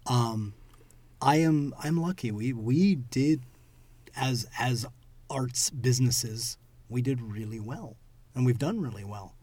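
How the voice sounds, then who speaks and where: A man's voice: medium pitch, takes it slowly, darkish tone, husky, dry recording. A man co-hosting a podcast, chatting casually and teasing with mock seriousness. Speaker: podcast co-host. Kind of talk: casual chat.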